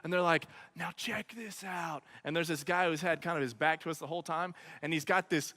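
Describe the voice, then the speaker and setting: A man with a high, bright voice tells a comic personal story to students in an animated style. He keeps checking in with "okay?" and "right?", and his voice carries through a large hall with a long reverb. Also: fast talker. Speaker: speaker at a student event.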